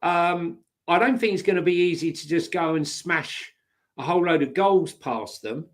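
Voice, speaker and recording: Measured man co-hosting football talk. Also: fairly high pitch. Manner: measured, thinking aloud with fillers. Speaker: football podcast co-host. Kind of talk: casual chat.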